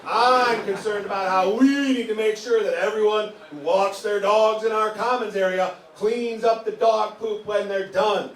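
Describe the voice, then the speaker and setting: A man putting on the voice of an angry neighbor woman, high and indignant, drawing out his words. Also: fairly even intonation, recorded from a distance, lightly acted. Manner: indignant, drawn-out. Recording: roomy club sound from off-mic.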